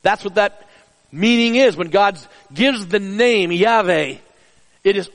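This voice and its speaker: Middle-aged man, pastor type, earnest sermon style, high pitch, hall reverb. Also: slow. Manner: earnest preaching, drops soft and low for personal stories.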